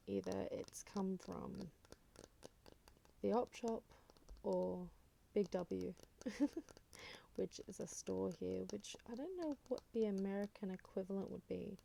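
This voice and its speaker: With a gravelly, medium-pitched voice, this Australian woman makes ASMR content, rambling softly and slipping between whispering and quiet speech.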